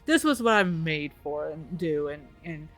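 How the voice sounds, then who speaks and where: A woman's voice: deep voice, expressive, unhurried. A woman game master wraps up a tabletop session, praising each player in loose, rambling chat. She talks with constant fillers and restarts. Faint music plays behind her. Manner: gushing, full of fillers and restarts. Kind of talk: post-game wrap-up chat.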